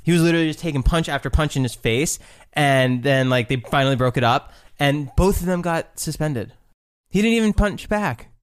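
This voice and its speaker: A young man co-hosting a casual podcast, teasing and joking, telling quick stories. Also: fairly high pitch, clean tone, dry recording. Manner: teasing, jokey, quick storytelling. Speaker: podcast co-host. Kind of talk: casual chat.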